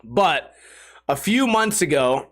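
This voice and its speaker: A man hosting a solo podcast, telling rambling stories in a casual, animated way, laughing and swearing along. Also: a little high, slow pace. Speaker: podcast host.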